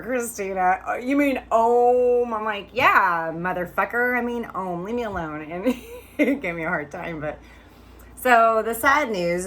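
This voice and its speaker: A woman's voice: deep voice, a bit bright, a little hiss or hum. A woman in her fifties chatting candidly to camera, telling a personal story in a casual, loose way. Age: 50s. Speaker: vlogger.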